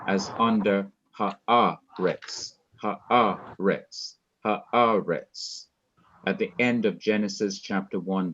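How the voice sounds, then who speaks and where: A man teaching a Hebrew class, explaining slowly and repeating key points for his students. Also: fairly low pitch, muffled recording, slight background noise. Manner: slow, repetitive, deliberate explaining. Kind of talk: classroom lecture.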